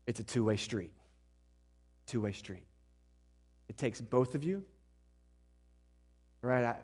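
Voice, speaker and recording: A man's voice: mid-range voice, a little mellow. Blunt joking male pastor preaching. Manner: blunt, joking asides, acts out spouses' lines. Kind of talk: sermon.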